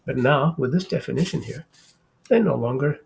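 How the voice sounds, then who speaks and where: A man hosting his own math channel, giving a halting whiteboard lecture and checking in with "okay?" again and again. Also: medium pitch, creaky, a little hiss or hum. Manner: slow, halting, repeats words, says "okay?" often.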